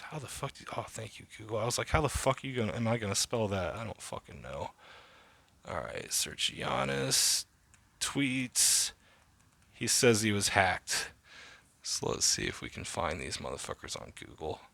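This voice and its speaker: A man in his thirties talks on his own in a loose, rambling podcast monologue. He swears a lot and leans on fillers as he goes. His voice sits on the low side and sounds dry and close, with no room echo. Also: gravelly, a bit bright. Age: 30s. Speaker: podcast host. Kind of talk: casual solo podcast monologue.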